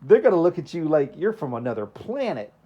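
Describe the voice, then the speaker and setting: A man's voice: fairly high pitch, big pitch swings, fairly quick, husky, lo-fi sound. A man from Texas with a Southern accent, preaching in a casual, conversational way, telling personal stories and asking the listeners rhetorical questions. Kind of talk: informal sermon with personal stories.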